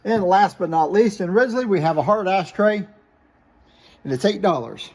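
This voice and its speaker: A man's voice: sits high, lively intonation, moderate pace. A man showing glass pieces for sale, listing names, flaws and prices in a plain, matter-of-fact way. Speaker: glass seller. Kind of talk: product showcase sales talk.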